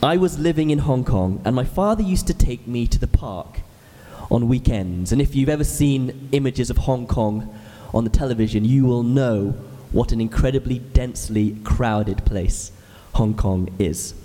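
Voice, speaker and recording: A man's voice: mid-range voice, moderate pace, mellow, in a large hall. A man in his thirties, an ordinand, preaching a sermon in a church with earnest, explanatory storytelling. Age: 30s.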